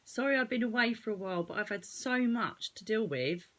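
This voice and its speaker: A woman with an Essex accent, a psychic medium hosting her own channel, giving chatty spiritual advice straight to her viewers with a slightly croaky voice. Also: mid-range voice, lively intonation, brisk, a bit bright. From Essex, England. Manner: chatty, digressing, addresses viewers directly. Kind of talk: casual spiritual advice talk to camera.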